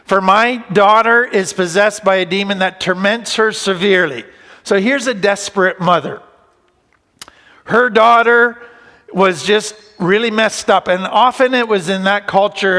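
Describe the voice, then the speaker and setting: A man with a fairly high voice teaches a recovery talk in an earnest, conversational manner. He slows right down on words he wants to land. His voice trails a long reverb through a large hall. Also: fairly bright tone. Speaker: counsellor giving a recovery talk. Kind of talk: teaching talk retelling a Bible story.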